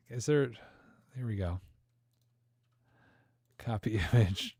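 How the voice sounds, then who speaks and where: A man's voice: on the low side, expressive, very slow, pauses often, dark tone, husky, no room sound. A man hosting a live stream, critiquing viewer photos in joking, rambling chat full of fillers. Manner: joking, rambling, thinks aloud with many fillers.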